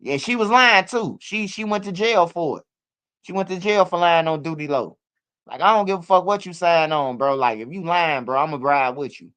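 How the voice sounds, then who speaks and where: Male street-news commentator: slangy and profane, rambling, fairly high and smooth. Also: normal speed, fairly bright tone.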